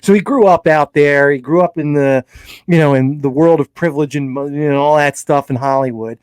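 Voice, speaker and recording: A man's voice: a little high, fairly quick, a little mellow, clean tone, dry recording. A man co-hosting a casual film debate, blunt and emphatic, laughing at his own jabs. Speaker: co-host and film critic.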